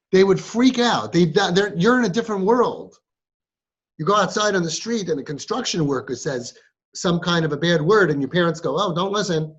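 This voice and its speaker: A man giving a motivational talk to a group of girls, quizzing them with rhetorical questions and emphatic repeats. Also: a little high. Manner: emphatic repetition, teasing. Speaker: speaker addressing a group of girls. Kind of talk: motivational talk to a live audience. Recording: dull lo-fi recording.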